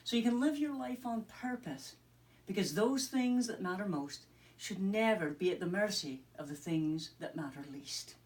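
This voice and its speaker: A woman's voice: mid-range voice, moderate pace, recorded from a distance. A woman with a Scottish-sounding brogue, a wellness coach giving a mindfulness tip in an upbeat storytelling manner.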